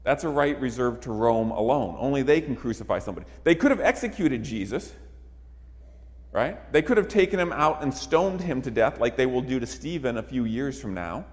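A man's voice: mid-range voice, animated, fairly quick. A man preaching a sermon emphatically, repeating phrases for effect. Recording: long reverb of a large hall.

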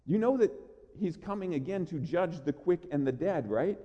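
A man preaching a sermon with an earnest, emphatic delivery, slowing down to stress key lines. His voice sits a bit high but sounds mellow. The sound rings with a long reverb from a church sanctuary. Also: expressive, dull audio. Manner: earnest preaching, emphatic slowed key lines, repeats words when starting. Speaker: pastor. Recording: long reverb of a large hall.

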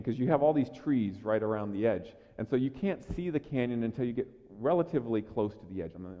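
Pastor guy preaching, chatty, stumbles and repeats words, big echoey hall, kinda muffled. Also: medium pitch. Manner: conversational, stammers and repeats words, swings between loud and quiet. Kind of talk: sermon. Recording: echoey hall, dull lo-fi sound.

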